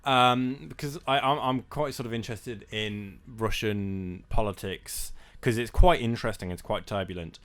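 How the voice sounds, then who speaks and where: A man's voice: on the low side, normal speed, hardly any pauses, a bit bright. A young man co-hosting a casual film podcast, talking hesitantly with many fillers. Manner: hesitant, many ums and sort ofs. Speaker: podcast co-host.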